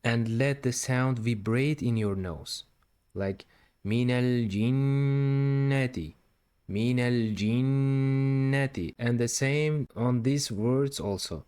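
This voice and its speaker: A man's voice: mid-range voice, slow, a little mellow. A man teaching Quran recitation step by step, patiently repeating syllables and drawing out the recited words. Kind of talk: step-by-step tajweed lesson.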